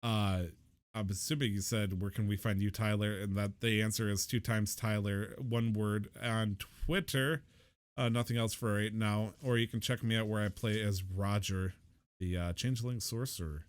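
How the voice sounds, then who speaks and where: A man's voice: lowish voice, fairly even intonation, normal speed, dry recording. A man co-hosting a casual podcast, rambling and joking and swearing casually. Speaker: podcast co-host.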